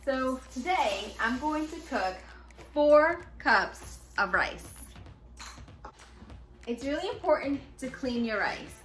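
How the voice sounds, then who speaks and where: A woman's voice: sits high, expressive, slow, pauses often, a bit bright. A middle-aged woman, a mother, chatting her way through a home cooking demonstration and plainly explaining each step. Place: home kitchen. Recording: echoey room with background music.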